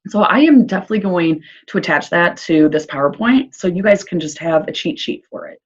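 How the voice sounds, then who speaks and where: An early childhood social worker, a woman with a Midwestern American accent, encourages parents in a recorded presentation, chatty and upbeat with fillers throughout. Her voice sits on the low side, slightly rough and expressive, at a fairly quick pace. Sound quality is dull and lo-fi.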